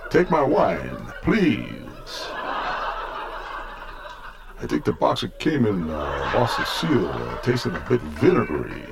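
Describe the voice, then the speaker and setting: A man's voice: on the low side, huge pitch swings, slow, very noisy, full character voice. A man playing a brash Brooklyn lounge comic, insulting the crowd in a club routine. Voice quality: gravelly, insult-joking. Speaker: stand-up comic.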